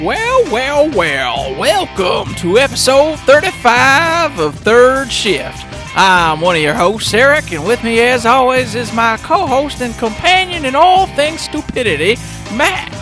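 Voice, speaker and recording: A podcast host putting on an old prospector's voice with a Russian tinge, drawling a theatrical greeting. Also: male voice, very high-pitched, sing-song, unhurried, few pauses, music in the background, voice pushed up, heavily acted. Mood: hammy.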